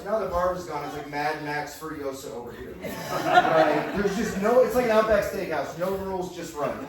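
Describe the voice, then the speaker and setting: A man doing a playful, self-mocking stand-up set, often laughing through his own lines. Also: high-pitched. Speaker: stand-up performer. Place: large hall with live audience. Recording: echoey hall, far from mic, live crowd.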